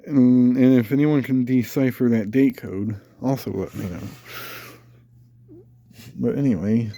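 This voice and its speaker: A man's voice: medium pitch, a little slow, mellow, no room sound, clean studio sound. A congested man rambling casually as he shows off and tests an old electric fan. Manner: rambling, easygoing, thinks aloud with fillers. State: congested, nasal from a cold. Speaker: fan collector reviewing a vintage fan. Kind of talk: casual show-and-tell vlog.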